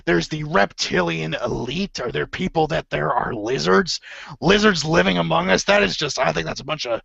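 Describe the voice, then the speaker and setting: In an improvised comedy impression, a man plays a blustering middle-aged conspiracy radio host who rants in rambling circles, stammering and correcting himself, heavily acted. His gravelly, forceful voice sits a little high with a hard, sharp edge, at a moderate pace. The dry recording sounds dull and lo-fi, like cheap stream audio.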